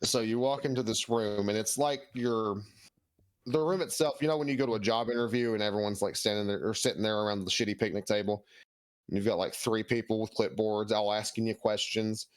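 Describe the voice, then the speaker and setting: A man's voice: lowish voice, fairly even intonation, a little fast, no room sound. A man working as dungeon master, explaining rules and narrating scenes in a casual, rambling way. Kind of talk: narrating a tabletop game.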